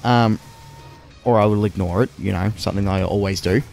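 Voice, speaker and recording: A man's voice: on the low side, fairly even intonation, fairly quick, vocal fry, darkish tone, faint music behind. A young man co-hosting a game video in casual, rambling chat, swearing freely. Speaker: let's play co-host.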